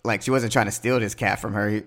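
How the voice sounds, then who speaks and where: A man's voice: lowish voice, fairly even intonation, fast talker, a bit bright. A man co-hosting a casual TV recap chat, laid-back and laughing often as he reacts. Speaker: podcast co-host.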